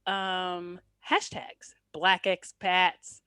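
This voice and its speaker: A woman's voice: on the low side, extremely slow, clean tone, no room sound. A middle-aged woman from New Jersey hosting a casual chat, telling stories and laughing often. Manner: laughs often, animated storytelling. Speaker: podcast host.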